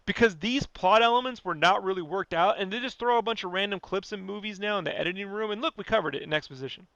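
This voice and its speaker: A man with a high, bright voice rants on a podcast, animated and profane. He talks casually and keeps pushing his point. The sound is dry and close, with no room around it. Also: fast talker, dry recording, highs cut off. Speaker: podcast guest.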